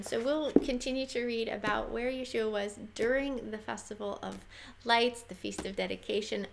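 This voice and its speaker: A woman's voice: fairly high pitch, vocal fry, fairly bright tone, a little hiss or hum. A woman giving casual, earnest Bible commentary to camera, chatty and exhorting, often laughing. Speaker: Bible teacher.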